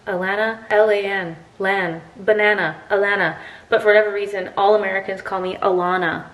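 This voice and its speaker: A woman's voice: mid-range voice, steady tone, a little fast, echoey room. A young English woman, jet-lagged, chatting casually to the camera at home in a rambling way, full of tangents. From England. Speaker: vlogger. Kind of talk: casual morning chat to camera.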